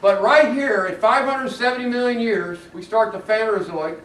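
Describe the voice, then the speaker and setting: A man teaching a geology class in a lively, jokey way, often laughing at his own jokes. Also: high-pitched, moderate pace, slight background noise. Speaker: geology lecturer. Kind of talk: classroom lecture. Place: lecture room. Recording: echoey classroom recording from far off.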